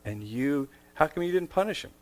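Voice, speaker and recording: A man's voice: on the high side, lively intonation, fairly quick. A man hosting an interview, playful and joking, who sums up his guest's story and asks her questions. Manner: playful, jokes and laughs with the guest. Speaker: host, interviewer. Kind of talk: conversational interview.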